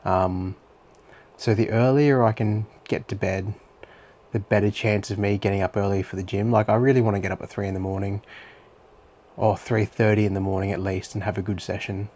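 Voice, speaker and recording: A man's voice: fairly low pitch, fairly even intonation, a little fast, a little mellow. A young Australian man talking through his day in a chatty, rambling diary-style monologue full of fillers. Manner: rambling and chatty, with many fillers and some swearing. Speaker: vlogger.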